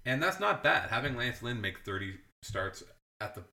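A man's voice: mid-range voice, big pitch swings, normal speed, bright, forceful tone, roomy sound. A man co-hosting a podcast, chatting casually about baseball with dry humor and plenty of self-corrections. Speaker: podcast co-host. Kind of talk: casual sports chat.

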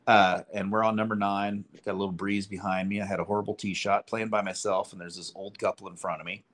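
Low-voiced guy on a podcast, rambling golf story, swears a lot, does everyone's lines. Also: little pitch movement, fast talker, a bit bright. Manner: rambling, profane anecdotes, acts out quotes. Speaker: podcast co-host. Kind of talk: casual chat, storytelling.

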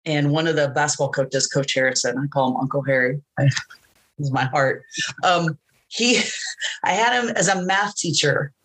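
Chatty, animated middle-aged woman. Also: low-pitched, measured pace, rough recording. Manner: animated storyteller, laughs often, acts out quoted voices. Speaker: interview guest, wrestling announcer. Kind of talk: casual chat.

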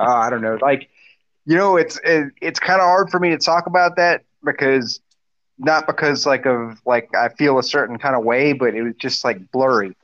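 A man who is an army veteran guest, talking casually on a podcast in a halting, profane way. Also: mid-range voice, fairly bright tone, no room sound. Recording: dry, muffled lo-fi audio.

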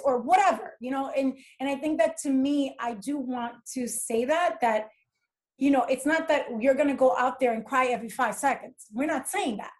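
Candid middle-aged woman, slightly high voice. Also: normal speed. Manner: candid, emphatic, storytelling. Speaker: guest. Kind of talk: casual conversation.

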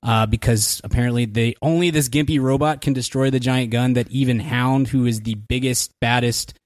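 A man's voice: medium pitch, fairly even intonation, a little mellow, no room sound, studio quality. A man co-hosting a casual movie review chat, firing off sarcastic complaints. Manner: sarcastic, rapid-fire complaints. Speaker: podcast co-host.

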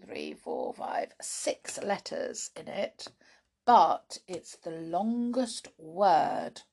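A woman's voice: medium pitch, a little mellow. A British woman hosting a children's podcast, chatting playfully to young listeners about riddles and fun facts, often laughing.

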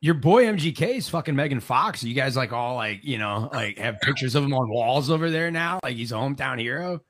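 A man's voice: mid-range voice, brisk, fairly bright tone. A man guesting on a comedy podcast, tossing out crude, teasing banter. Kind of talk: casual comedy podcast chat.

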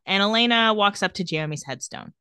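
A woman's voice: medium pitch, animated, fairly quick, bright, forceful tone, smooth, no echo, studio quality. A woman co-hosting a podcast, recapping a TV episode in casual chat with sassy asides.

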